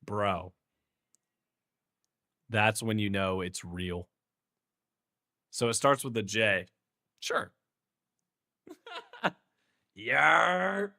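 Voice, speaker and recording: A man's voice: fairly low pitch, steady tone, takes it slowly, pauses often, sharp tone. A playful, goofy young man with a Houston accent, chatting casually with his stream viewers in heavy slang and laughing often.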